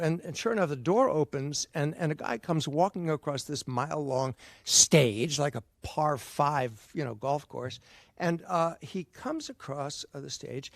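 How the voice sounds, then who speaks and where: A man in his sixties telling a personal story on a theater stage, acting out the dialogue and shouting some lines. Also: fairly high pitch, gravelly, dry recording, clean studio sound. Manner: animated, acts out dialogue with shouts.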